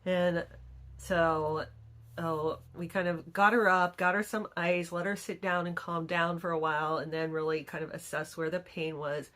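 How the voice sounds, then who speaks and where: Woman, middle-aged, casual vlog chat, storytelling, low-pitched. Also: level tone, moderate pace, fairly bright tone. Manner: chatty storytelling, acts out quoted people. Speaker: vlogger.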